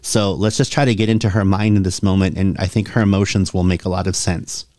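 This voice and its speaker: A man's voice: sits low, steady tone, fast, a little mellow, no room sound. A man hosting a casual reaction video, chatty and opinionated, laughing often as he talks. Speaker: host.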